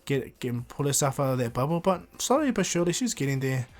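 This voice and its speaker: An upbeat, joking young male ninja, voiced by a man in a casual fan-told story. He talks in a chatty, friendly way at an ordinary middle pitch. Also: very animated, fast, soft background music, close to an everyday voice.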